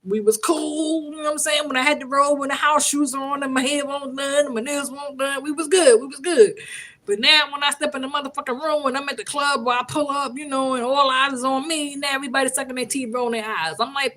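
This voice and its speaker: A woman's voice: high-pitched, a little fast, fairly bright tone. A woman from the Bronx with a New York accent, reading tarot from home in a brash, profane, joking live-stream chat. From Bronx, New York City. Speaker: tarot reader.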